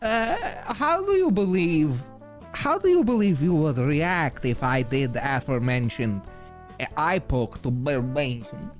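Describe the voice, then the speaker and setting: A man's voice: on the high side, sing-song, a little slow, soft background music. A man improvising a bumbling psychologist in a role-play, stammering and mangling his words, and turning snide and scornful. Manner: snide and scornful about the client.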